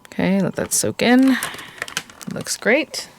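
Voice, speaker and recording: A woman's voice: fairly high pitch, lively intonation, takes it slowly, a little hiss or hum. A woman hosting a casual crafting tutorial, chatty and thinking aloud as she works. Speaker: crafting host.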